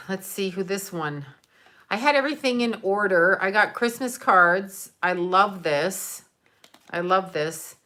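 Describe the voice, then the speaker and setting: A middle-aged woman with a lowish, pushed, bright voice chats casually to her viewers. She's a vlogger opening gifts, rambling with plenty of fillers as she shows each one off and thanks the people who sent them.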